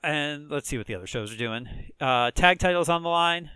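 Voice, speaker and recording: A man's voice: a little high, expressive, fairly quick, bright, forceful tone, clean tone, no echo. A man with a Chicago accent casually recapping a wrestling video game as a let's play host, rambling with lots of fillers and chuckles.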